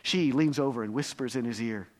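Preaching at a brisk clip, a male pastor tells stories earnestly through his sermon. His delivery swings from quiet, low stretches to loud, forceful peaks.

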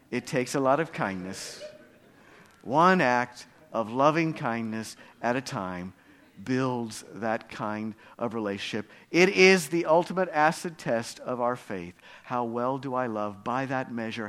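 In his sermon, a man of the cloth speaks with earnest storytelling, alternating between soft, low moments and booming, emphatic high points.

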